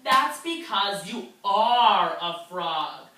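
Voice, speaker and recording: A woman voicing a kindly, cheerful female frog in a storybook with a sing-song croak, heard in an echoey classroom from a distance. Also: medium pitch, lively intonation, very slow, bright, forceful tone, exaggerated voice. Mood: friendly. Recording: echoey classroom, mic far off.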